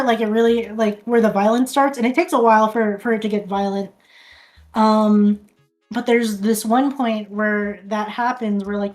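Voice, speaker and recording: A woman's voice: a little high, darkish tone. A woman streamer casually recapping a film, rambling, restarting sentences and swearing often.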